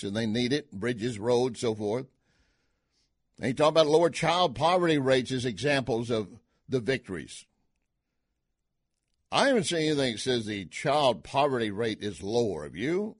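A man's voice: medium pitch, husky, dry recording, studio quality. A man hosting a political talk radio show, folksy and sarcastic, scoffing at his opponents.

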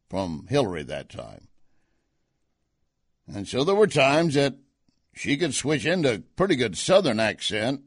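A man's voice: fairly low pitch, dry recording, clean studio sound. Emphatic man hosting talk radio. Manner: conversational, emphatic, rising on key points. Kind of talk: political commentary.

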